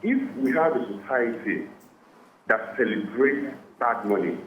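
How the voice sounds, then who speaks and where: A man calling in to a radio talk show. He talks haltingly, repeats words and keeps asking if he is understood. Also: mid-range voice, expressive. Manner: halting, repeats words, asks "are you getting it?". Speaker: caller. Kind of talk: phone-in comment. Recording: muffled, roomy phone line with faint noise.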